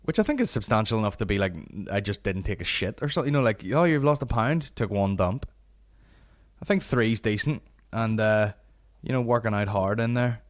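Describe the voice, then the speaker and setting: A man's voice: lowish voice, a little fast. A Northern Irish man in his late twenties, hosting a podcast with a sweary, ranting comic monologue. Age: late 20s. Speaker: podcast host.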